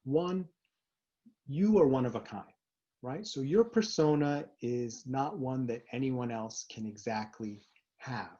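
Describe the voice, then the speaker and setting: A man hosting a video series on facilitation, coaching viewers in an upbeat, animated way with quick asides and rhetorical questions. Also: mid-range voice, lo-fi sound. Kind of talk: scripted talk to camera.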